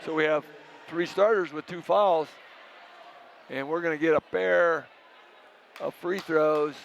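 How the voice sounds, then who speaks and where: A man doing play-by-play commentary for a high school basketball game, calling plays in short, brisk bursts. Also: gravelly, dull audio, a little hiss or hum. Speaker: play-by-play announcer.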